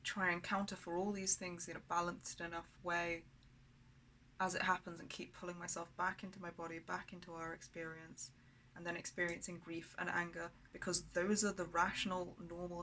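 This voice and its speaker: Candid woman with a bright, even voice. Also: lowish voice, slight background noise, poor audio. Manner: raw, candid and blunt, with frequent swearing; rambling, with many fillers and restarts. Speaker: vlogger. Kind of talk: personal video diary.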